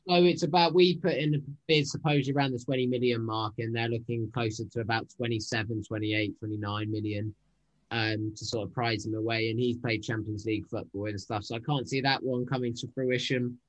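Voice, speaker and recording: A man's voice: medium pitch, fairly even intonation, fairly quick. Podcast regular guy, rambles a bit, keeps saying i think. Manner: loose, repeats words, hedging. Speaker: podcast regular, transfer pundit. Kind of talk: casual football podcast chat.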